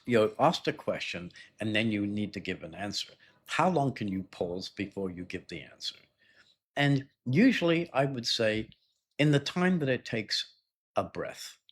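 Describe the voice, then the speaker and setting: During a live lesson on IELTS speaking, a middle-aged man talks in a husky, animated, mid-range voice at a slightly slow pace. He chats easily, pauses for "yeah?" and "right?", and plays out sample dialogues in a raised voice.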